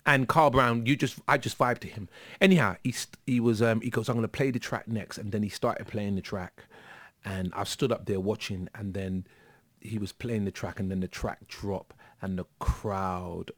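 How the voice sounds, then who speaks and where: A man's voice: fairly low pitch, steady tone, normal speed, fairly bright tone, no echo. A man telling a story as a guest in a casual interview, with lots of fillers and restarts. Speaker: guest musician.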